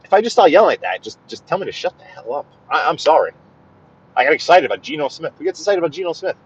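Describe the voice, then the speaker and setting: A man's voice: a little high, lively intonation, quick pace, husky, lo-fi sound. A man chatting casually to his live-stream viewers while driving, stumbling and repeating words as he talks. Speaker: live-streaming driver vlogger. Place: inside a car on the highway.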